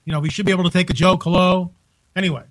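Man, live radio host, high-pitched, jokey and rambling, dry close sound. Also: very fast, no room sound, rough recording. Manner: joking, animated, with frequent restarts. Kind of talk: casual live radio talk. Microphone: studio microphone on a live radio broadcast.

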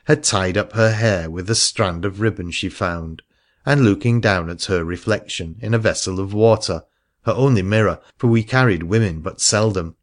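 A man narrating a first-person seafaring adventure story in a measured reading voice. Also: lowish voice. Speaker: audiobook narrator.

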